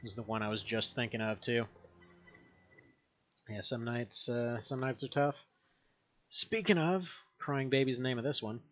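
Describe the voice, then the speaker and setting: A man's voice: medium pitch, moderate pace, long pauses, a bit bright. Man streaming a game from home, rambly and laughing a lot, slightly muffled mic. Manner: rambling and chatty, laughs often. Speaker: gaming streamer. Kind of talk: casual gameplay commentary.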